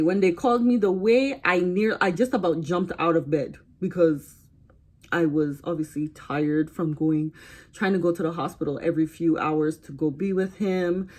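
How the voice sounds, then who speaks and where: Chatty young woman telling a storytime. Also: deep voice. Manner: chatty and animated, breaks into quoted voices. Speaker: vlogger. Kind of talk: casual storytime while getting ready.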